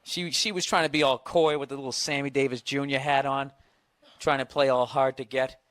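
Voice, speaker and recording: A man with a Boston accent chats casually and teases the people beside him. His voice sits in a middling pitch and comes through dry, right up on the microphone. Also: little pitch movement, a little fast, fairly bright tone, no echo. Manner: teasing, joking banter. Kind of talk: casual chat.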